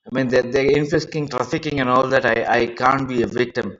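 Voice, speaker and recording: A man's voice: mid-range voice, steady tone, fairly bright tone. Distressed man pleading on a live stream. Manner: halting, repeats words, pleading and aggrieved. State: distressed, close to tears. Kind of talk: rambling live-stream monologue. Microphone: phone mic. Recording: lo-fi phone screen recording.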